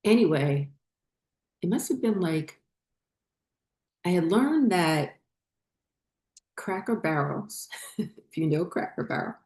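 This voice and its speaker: Low, mellow-voiced woman telling a story. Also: lively intonation, slow pace, pauses often, reverberant. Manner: rambling, many fillers and restarts. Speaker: spiritual channel host. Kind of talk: casual personal storytelling.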